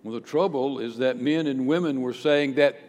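A man's voice: mid-range voice, moderate pace, a little mellow. A male pastor preaching a sermon with emphatic rhetorical questions. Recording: long hall reverb.

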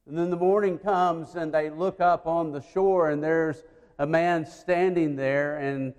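A man preaching a sermon, retelling a story and acting out the voices, swinging between loud and hushed. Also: on the high side, fairly even intonation, unhurried. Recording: long hall reverb.

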